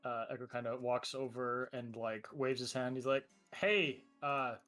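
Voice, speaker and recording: A man's voice: medium pitch, flat delivery, normal speed, faint music behind. Man, tabletop player, casual, easy chat.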